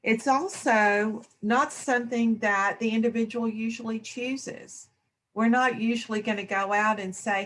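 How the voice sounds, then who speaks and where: A woman speaking in a reflective spiritual discussion, slow and thoughtful. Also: fairly high pitch, fairly even intonation, a bit bright. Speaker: discussion panelist.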